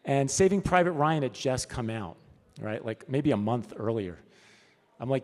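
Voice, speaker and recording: A man's voice: mid-range voice, animated, normal speed, darkish tone. A man giving a conference talk as a storyboard artist, telling anecdotes in a casual, chatty way with frequent "right?" asides. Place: event hall. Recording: long hall reverb.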